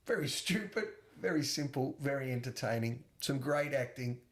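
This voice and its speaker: A man's voice: mid-range voice, expressive, normal speed. A man co-hosting a casual film podcast, talking enthusiastically with laughter and swearing. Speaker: podcast co-host. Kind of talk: casual chat.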